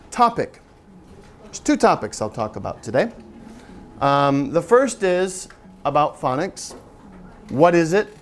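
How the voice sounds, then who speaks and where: A middle-aged man giving a live teaching seminar to an audience, chatty and joking as he draws the room in. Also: high voice. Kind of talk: live workshop presentation.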